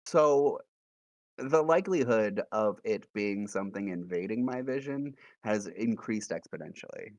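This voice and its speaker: A man playing a tabletop role-playing game, animated and jokey, often laughing. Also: lowish voice, unhurried, no room sound. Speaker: player. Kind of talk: casual tabletop play.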